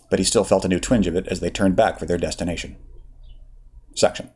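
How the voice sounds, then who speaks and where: A man narrating a fan fiction story aloud with a steady, expressive read. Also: low-pitched, brisk, pauses often, breathy edge. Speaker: audiobook reader.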